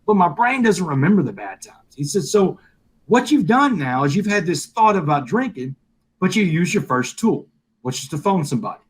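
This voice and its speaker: High in pitch with a breathy edge, this middle-aged man's voice moves at a moderate pace. As a guest in a live interview, he's an animated storyteller sharing a personal tale and voicing the dialogue.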